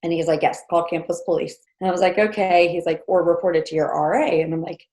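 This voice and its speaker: Lady from jersey telling her story, lots of um and like, slightly low voice, echoey room. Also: steady tone, fast, warm tone. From New Jersey. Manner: chatty, lots of fillers and nervous laughs. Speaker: podcast guest. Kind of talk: personal storytelling.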